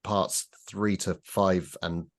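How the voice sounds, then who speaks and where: A man with a fairly low voice talks casually on a podcast panel. He gives his views in a dry, wry way, with a critical edge. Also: steady tone, slow. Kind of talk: casual chat.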